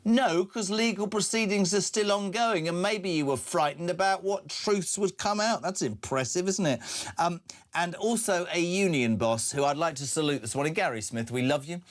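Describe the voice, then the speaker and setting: A middle-aged British man hosting a live breakfast talk show, opinionated and full of quick asides. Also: high voice. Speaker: radio talk show host.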